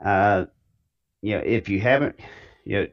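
A man from East Tennessee with a Southern accent, talking casually as an interview guest. His voice sits very low, and he rambles in a folksy way with plenty of fillers. The sound is a little dull and muffled. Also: unhurried. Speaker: author guest.

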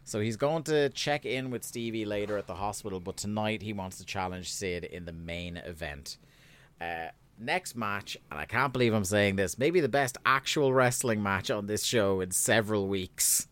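A man co-hosting a casual podcast recap, sweary and sardonic, getting animated when he rants. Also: lowish voice, moderate pace. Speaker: podcast co-host.

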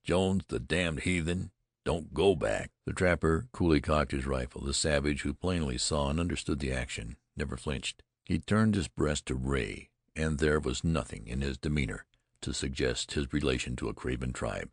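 A man narrating an adventure audiobook in a measured, dramatic storytelling manner. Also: rumbling low, gravelly, no room sound, studio quality.

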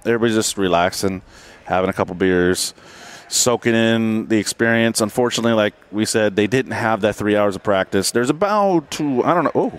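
A man with a fairly low voice speaks fairly quickly while hosting a relaxed live podcast from the racetrack grandstand, looking over the pit. He rambles and jokes, frequently restarting and leaning on filler words.

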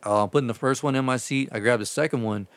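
A man's voice: medium pitch, fast talker, dry recording. A man telling rambling, profane stories about his delivery driving in a casual chat. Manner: profane, rambling, animated retelling.

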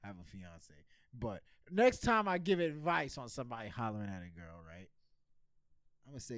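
A man's voice: mid-range voice, very animated, fairly quick, a bit bright, no room sound. A man co-hosting a podcast in casual music chat, joking and teasing his partner. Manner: joking, teasing, mock accents, laughing. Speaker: podcast co-host.

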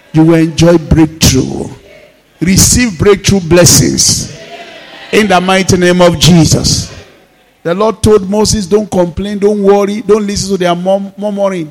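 Nigerian pastor guy, high voice, preaching hard, slow scripture reading then loud bursts. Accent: Nigerian, Yoruba-speaking. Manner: mixes in Yoruba phrases. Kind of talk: sermon.

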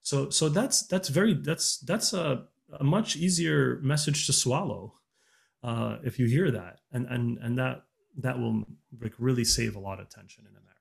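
A man's voice: mid-range voice, normal speed, vocal fry, breathy edge. A man talking earnestly in a casual podcast chat, giving relationship advice with many restarts and fillers.

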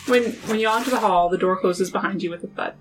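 A woman's voice: medium pitch, fast talker, a little hiss or hum, low-quality recording. A woman narrating as game master of a tabletop role-playing podcast, describing scenes in an atmospheric way.

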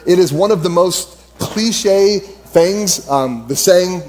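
A man's voice: sits high, slow pace, few pauses, darkish tone. A man in his thirties preaching a conversational sermon as pastor, telling stories and repeating key phrases for emphasis.

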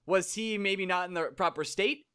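A man's voice: high voice, normal speed, bright, forceful tone, clear, resonant tone. A young man hosting a podcast in casual chat, joking and teasing his guests. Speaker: podcast host.

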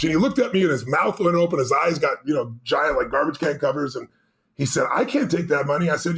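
A middle-aged man, a podcast guest, telling a personal story with intensity, moving between loud and hushed moments. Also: a little high, fast, slight background noise.

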